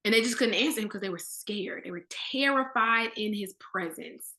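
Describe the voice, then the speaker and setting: A woman leading a casual, animated Bible study. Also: mid-range voice, moderate pace, roomy sound. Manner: animated, conversational, with slang.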